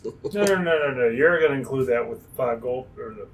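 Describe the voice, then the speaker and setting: A man's voice: medium pitch, brisk, a little hiss or hum. Tabletop player man, off-mic. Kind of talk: casual tabletop gaming chat. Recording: voice picked up from a distance.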